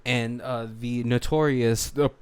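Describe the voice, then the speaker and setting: Man, podcast co-host, casual rambling movie chat, smooth clear voice, laughs a lot. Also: mid-range voice, lively intonation, normal speed. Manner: rambling, laughs often, frequent fillers. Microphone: studio mic.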